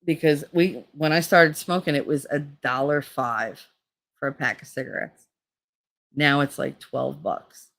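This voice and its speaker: A woman in her fifties with a low, gravelly voice, chatting to camera. She rambles through stories, swears freely and laughs often. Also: unhurried, fairly bright tone. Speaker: channel host. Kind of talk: casual storytelling.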